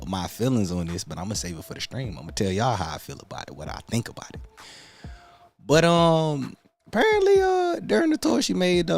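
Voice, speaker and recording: A man hosting a casual livestream, greeting viewers by name in laid-back slangy talk. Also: lowish voice. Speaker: livestream host.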